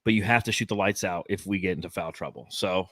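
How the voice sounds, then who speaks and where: A man's voice: low voice, fast talker, a bit bright, no room sound, studio quality. A man in his forties from Phoenix, co-hosting a casual sports podcast and telling rambling, profane stories full of fillers. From Phoenix, Arizona, US. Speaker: podcast co-host.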